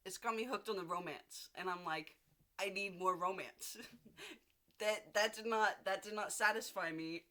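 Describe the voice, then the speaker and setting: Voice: mid-range voice, pushed and bright. A vlogger in a casual video diary, rambling and gushing, with frequent restarts and casual swearing, seated at home.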